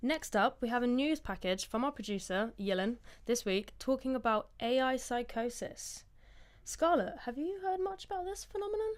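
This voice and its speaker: A woman's voice: on the high side, animated, moderate pace. A woman presenting a student science radio show, introducing segments in a casual, chatty way.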